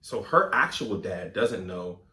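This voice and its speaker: A man hosting a comedic advice show, reading listener letters aloud and reacting in a mock-serious, animated way. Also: sits low, a little slow, reverberant. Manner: animated, mock-serious, coughing fits as a bit.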